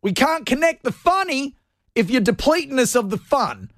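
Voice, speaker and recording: A man's voice: very high-pitched, sing-song, moderate pace, a bit bright, dry recording, studio quality, voice pushed up, full character voice. A man voicing his own tired brain as a whiny little voice scolding him for skipping treats. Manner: complaining, mock-scolding. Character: the host's own sleep-starved brain, whiny little male voice.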